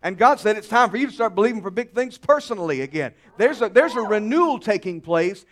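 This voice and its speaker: A male pastor preaching a sermon to his congregation, swinging between hushed, confiding lines and loud, emphatic calls. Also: high-pitched. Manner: dramatic, swings from hushed to shouting.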